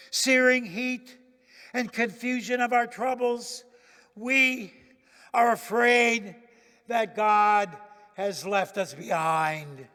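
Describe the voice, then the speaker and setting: A male pastor preaching a sermon in a church, swinging dramatically from loud declarations to hushed near-whispers. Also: sits high, long reverb tail.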